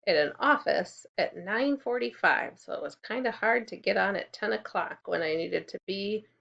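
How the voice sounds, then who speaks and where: A woman teaching a kindergarten class in a recorded lesson, speaking clearly and encouragingly and prompting the children to repeat after her. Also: medium pitch, animated, normal speed, a bit bright, muffled recording.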